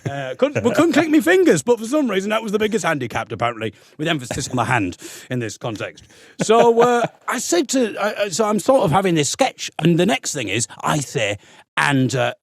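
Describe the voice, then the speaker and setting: A man's voice: sits high, a little fast, creaky, dry recording, studio quality. A man, a comedian guest, telling a childhood story in casual podcast chat and slipping into silly voices. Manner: animated storyteller who slips into silly voices.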